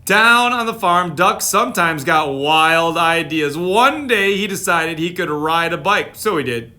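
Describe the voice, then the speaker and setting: Man reading a picture book aloud, bright voice, unhurried, playful asides. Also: on the high side, animated. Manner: playful, chatty asides to viewers. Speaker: storytime reader.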